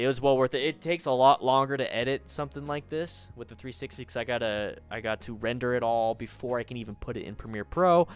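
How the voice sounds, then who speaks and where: A man's voice: medium pitch, fairly bright tone, smooth. A man in his thirties chatting casually from home as a livestream host, reading viewer comments, restarting and repeating himself.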